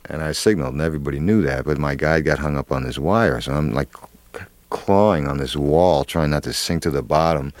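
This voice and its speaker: A man's voice: extremely low pitch, a little fast, no room sound. A man, an actor, telling a long story in an interview, rambling with many fillers and restarts. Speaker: actor guest.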